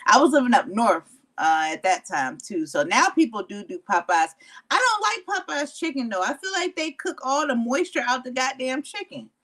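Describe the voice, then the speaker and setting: A woman's voice: on the high side, very animated, normal speed, a bit bright. A woman guesting on a podcast, talking bluntly and playfully with plenty of swearing. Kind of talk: casual podcast chat.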